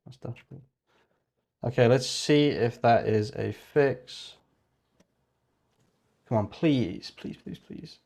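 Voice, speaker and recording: This British man has a lowish voice with a dark tone. He's livestreaming casually and thinking aloud as he works, muttering, rambling, and correcting himself along the way.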